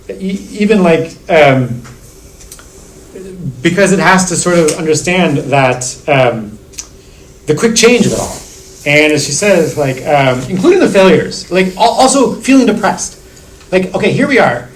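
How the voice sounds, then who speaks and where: A middle-aged man with a fairly high voice, a university lecturer, discusses theory in a classroom seminar. He's discursive, restarting often and leaning on "like" as a filler, and the recording is low quality.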